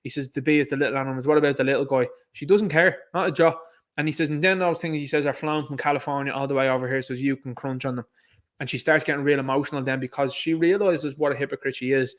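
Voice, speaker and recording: Male host, mid-pitched, blunt and mocking, rambling opinion rant. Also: fairly even intonation, fast talker. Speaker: online show host. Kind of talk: opinionated commentary monologue.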